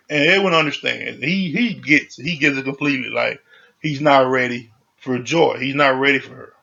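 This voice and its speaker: Gravelly man recapping a show casually. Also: mid-range voice, normal speed, pushed and bright, muffled recording. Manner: loose, conversational, full of "you know" and "like". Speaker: reality show reviewer.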